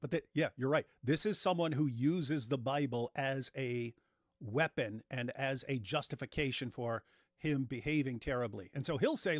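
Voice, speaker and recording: A man hosting a show, giving animated, sarcastic commentary on clips. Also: medium pitch, moderate pace, dry recording, studio quality. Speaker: host. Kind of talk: reacting to clips, casual chat.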